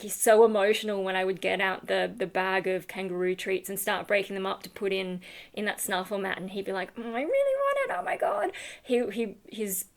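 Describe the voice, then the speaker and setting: A woman's voice: mid-range voice, fairly bright tone. A woman, chatting casually to her vlog audience, rambling with lots of fillers and restarts. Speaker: YouTuber.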